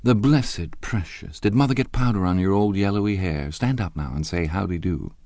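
A male audiobook reader voicing a wealthy young woman, flighty and gushing, with a breathy, crooning manner. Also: low voice, moderate pace, a little mellow, dry recording, voice pushed up. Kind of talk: audiobook character voice.

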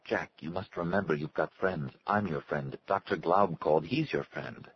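A man's voice: fairly low pitch, lively intonation, brisk, muffled recording, a little hiss or hum, pitched above the performer's own voice, natural voice. A man voicing an anxious, tender young woman who worries about her lover.

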